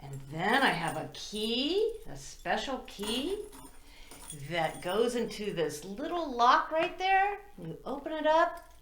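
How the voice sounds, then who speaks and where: A woman teaching a children's circle-time lesson, talking slowly and in a sing-song way to small children, with songs. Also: on the high side, very animated, a bit bright, slight background noise. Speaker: preschool teacher. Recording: roomy echo.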